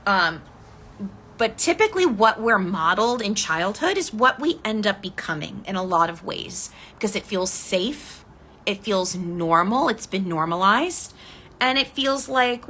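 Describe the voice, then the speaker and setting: A woman speaking as a decluttering coach in a live coaching talk, gently guiding listeners through reflection and answering their comments. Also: mid-range voice, expressive, unhurried, a little hiss or hum. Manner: gentle, inviting, reads viewer comments aloud.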